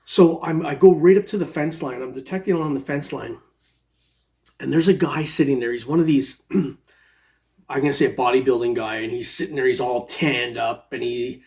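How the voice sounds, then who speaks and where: A man's voice: mid-range voice, moderate pace, a little mellow. A man casually telling a long personal story, rambling with many restarts. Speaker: metal detecting storyteller.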